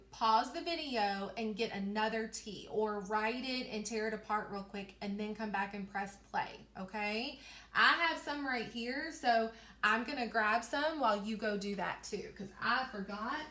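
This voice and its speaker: A young woman teaching a reading lesson to young children, slowly stretching out letter sounds and praising them often. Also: a little high, fairly bright tone, a little hiss or hum. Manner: encouraging, repeats words for children. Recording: echoey room.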